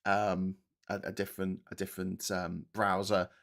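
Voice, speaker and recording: A man in a casual livestream, talking over the chat in a rambling, blunt way full of ums and the odd swear word. His voice sits a little low for a man. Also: monotone, normal speed, vocal fry, fairly bright tone. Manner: rambling and blunt, with frequent swearing and filler words. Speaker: livestream host.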